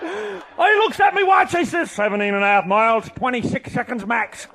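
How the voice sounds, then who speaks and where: High-voiced, rowdy man with a Newfoundland accent. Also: animated, normal speed, creaky, background noise. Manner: boisterous, often shouting and laughing mid-sentence. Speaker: comic storyteller. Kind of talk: comic tall-tale storytelling.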